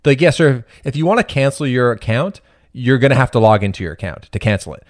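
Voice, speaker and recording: Lively man telling a story on a podcast. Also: mid-range voice, fast, dry recording, studio quality. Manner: animated, acts out both sides of calls. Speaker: podcast co-host. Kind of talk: casual chat.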